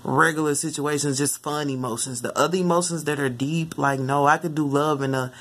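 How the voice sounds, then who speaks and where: Rambling, animated woman telling a dream. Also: fairly quick, breathy edge. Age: adult mother. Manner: rambling and animated, jumping into high-pitched quoted asides. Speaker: spiritual vlogger. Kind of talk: casual storytelling about a dream.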